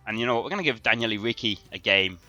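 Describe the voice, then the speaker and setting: A man commentating on his own football video game livestream, getting worked up and shouting at the players. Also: fairly low pitch, rapid-fire, dull audio, soft background music. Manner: excitable, shouts at the players on screen. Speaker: gaming streamer. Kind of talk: live gameplay commentary.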